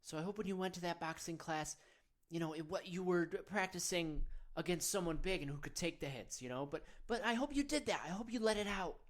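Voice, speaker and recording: Earnest guru guy played by a man, coaxing, rambling, voice swoops up and down a lot. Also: high voice. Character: earnest self-serious male men's-wellness guru. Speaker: men's meditation guide. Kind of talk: comedic parody of guided meditation.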